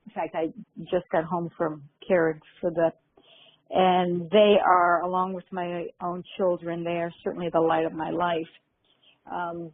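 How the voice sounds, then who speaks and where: An older woman, a guest minister and spiritual teacher, telling a story in a gentle, reflective way with frequent pauses. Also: lowish voice, husky, no echo. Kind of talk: conversational storytelling. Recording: phone-line audio.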